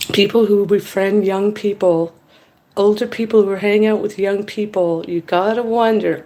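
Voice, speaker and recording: A woman in her fifties telling a story in a casual monologue, blunt and candid, acting out both sides of the conversation in lively quoted voices. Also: lowish voice. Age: 50s. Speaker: vlogger.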